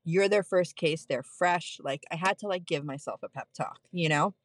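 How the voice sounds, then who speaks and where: A woman's voice: fairly low pitch, moderate pace, no room sound. A woman in her thirties, a nurse, candidly telling a personal story in casual chat with frequent laughs. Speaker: podcast guest, postpartum nurse.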